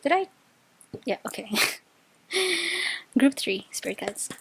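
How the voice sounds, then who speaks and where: A high-pitched woman reading tarot in a casual, chatty way, full of filler words and quick restarts. Her voice sits close and dry, with no room sound around it. She gushes readily and often breaks into delighted laughter. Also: very animated, no room sound. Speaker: tarot reader.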